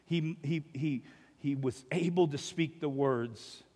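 An American man, a pastor, preaching a sermon and telling a story with many restarts, dropping to a hush and rising loud again. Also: fairly high pitch, slow pace, in a large hall. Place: church sanctuary.

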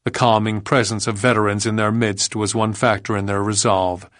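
A man reading a non-fiction audiobook as narrator, in a measured, grave storytelling manner. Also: on the low side, level tone, fairly bright tone, no echo, clean studio sound. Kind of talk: scripted narration.

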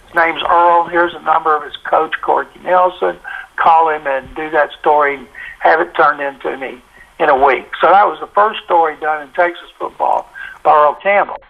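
An older man, a sportswriter guest in an interview, telling stories in a folksy, animated way with lots of quoted dialogue. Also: a little high, moderate pace, creaky. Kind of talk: anecdotal storytelling. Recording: tinny phone line.

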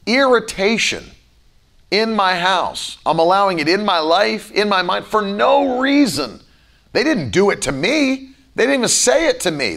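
A man's voice: fairly high pitch, creaky, fairly bright tone. A man preaching a conversational sermon, acting out his own irritated thoughts as he goes. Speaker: pastor.

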